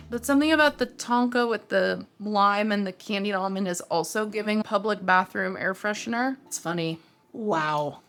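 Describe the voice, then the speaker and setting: A woman's voice: medium pitch, fairly bright tone. A woman in her thirties chatting expressively as she reviews perfumes in a casual vlog, reacting aloud as she smells each one. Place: home room with a fan running.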